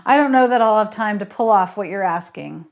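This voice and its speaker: A woman reading aloud, speaking as a polite, guarded and quietly sarcastic male theater director in her own voice. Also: medium pitch, animated, brisk, lightly acted. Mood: wry. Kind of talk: audiobook character reading.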